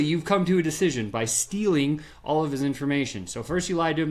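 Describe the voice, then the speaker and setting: A man guest on a podcast, explaining a sales method with lively storytelling and quick bursts of acted-out dialogue. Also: a little high. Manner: animated storyteller, acts out quoted voices. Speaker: podcast guest, software founder. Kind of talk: energetic sales pitch in conversation.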